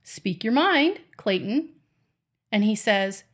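A woman's voice: mid-range voice, animated, moderate pace, a bit bright. A middle-aged woman co-hosting a podcast with her daughter, playful and teasing in casual chat. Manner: playful, teasing, laughs often. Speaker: podcast co-host, mother of the other host.

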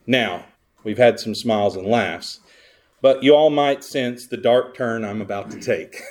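A male pastor preaching a sermon, sarcastic and full of rhetorical questions put to the congregation, with sudden swings between loud emphasis and quiet asides. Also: mid-range voice, unhurried.

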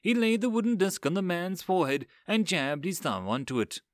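Expressive man narrating a story. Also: high-pitched, brisk, no echo, clean studio sound. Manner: expressive, dramatic reading.

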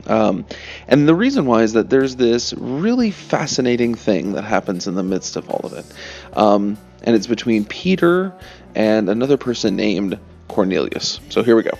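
A man giving a relaxed, conversational sermon and reading scripture aloud, with fillers and asides. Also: medium pitch, vocal fry, muffled recording. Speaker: pastor.

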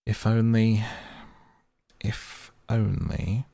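A man with a husky, low voice voicing a sceptical, loyal male water rat in a storybook reading, dubious yet kindly. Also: lively intonation, moderate pace, darkish tone, dry recording, heavily acted.

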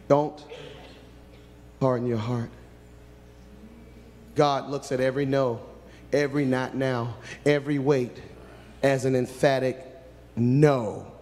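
A man preaching a sermon who swings from hushed pleading to loud cries, prays aloud and tells stories from his ministry. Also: medium pitch, steady tone, slow, long pauses, big-room sound, slight background noise.

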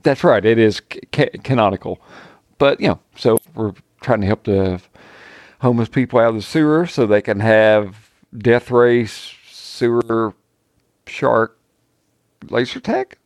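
A man's voice: fairly low pitch, unhurried, no echo, studio quality. A man introducing his character as a player on a tabletop game podcast, rambling and self-deprecating with frequent chuckles. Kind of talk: casual chat.

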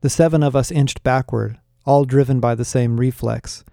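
Man, audiobook narrator, mellow dark tone, dry close sound, measured wry delivery. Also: medium pitch, fairly even intonation, gravelly, no room sound. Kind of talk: first-person audiobook narration.

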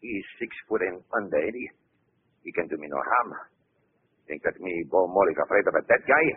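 A man's voice: deep voice, lively intonation, brisk, husky. An actor playing a cowardly male gang boss who blusters and pleads, in 1940s radio acting style. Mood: blustering. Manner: blustering then pleading, voice swinging widely. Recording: tinny old radio broadcast.

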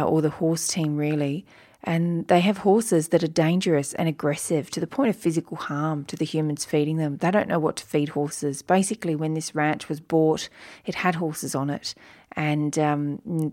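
A woman's voice: deep voice, darkish tone. A woman with an Australian accent, hosting a podcast and introducing the episode in an earnest, grateful way. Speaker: podcast host.

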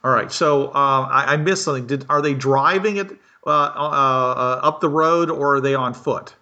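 A man's voice: medium pitch, normal speed, sharp tone, highs cut off. A man hosting a casual chat, chuckling often and asking clarifying questions. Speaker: host.

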